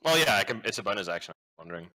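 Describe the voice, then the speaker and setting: A man's voice: on the low side, sing-song, racing, bright, forceful tone, rough recording. A man playing a tabletop game, eagerly planning his character's moves aloud. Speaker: player. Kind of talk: casual tabletop play.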